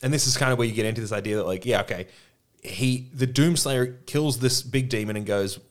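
Guy podcasting, rambly and excited, swears a lot, normal pitch. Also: brisk. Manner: animated, rambling, swears freely. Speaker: podcast co-host. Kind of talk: casual chat.

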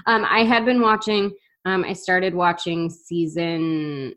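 A woman's voice: fairly low pitch, steady tone, takes it slowly, a bit bright. A woman co-hosting a podcast in casual chat, enthusiastic and chatty, often restarting her sentences. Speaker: podcast co-host.

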